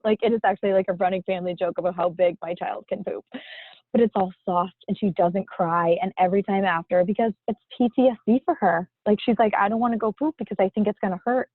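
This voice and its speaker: A woman's voice: medium pitch, no room sound. A woman in her thirties sharing a personal story in casual chat, chatty and emotional, filling her talk with "like". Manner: chatty, emotional, says "like" a lot. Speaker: testimonial guest. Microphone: video call. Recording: dry, phone-like line.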